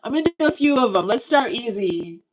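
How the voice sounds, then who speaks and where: A woman's voice: on the high side, animated, fairly quick, low-quality recording. A woman in her fifties chatting on a livestream, rambling and joking as she talks straight to her viewers. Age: 50s. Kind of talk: casual livestream chat.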